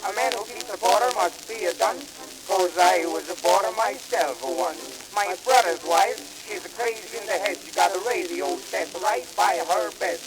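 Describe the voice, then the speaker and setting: A man singing as a boastful Italian immigrant in a put-on mock Italian accent, with rapid broken-English patter in a 1920s comic novelty song. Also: sits high, a crowd in the background, natural voice, low-quality recording. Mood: comic boasting.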